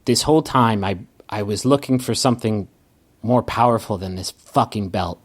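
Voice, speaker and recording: A man voicing a weary, remorseful woman warrior in a tabletop game, speaking haltingly. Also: fairly low pitch, natural voice. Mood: somber. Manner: halting, hesitant delivery.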